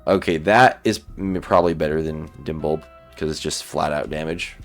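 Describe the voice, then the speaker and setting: Gaming commentator, male, very low voice, laid-back running commentary, faint music underneath. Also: moderate pace. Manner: relaxed, thinking aloud while playing. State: sleepy, yawning. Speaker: gaming YouTuber. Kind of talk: let's play commentary.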